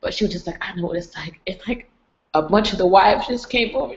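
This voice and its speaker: A woman's voice: mid-range voice, a little fast, vocal fry. A young woman chatting on a livestream, rambling and folksy. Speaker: vlogger. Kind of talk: casual livestream chat. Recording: lo-fi livestream audio.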